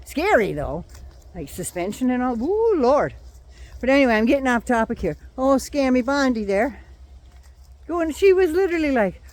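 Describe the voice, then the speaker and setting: A woman's voice: sits high, sing-song, moderate pace, darkish tone, no echo. An older woman with a runny nose from a cold, ranting bluntly and sarcastically about politics and swearing freely. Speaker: vlogger. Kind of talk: casual political rant.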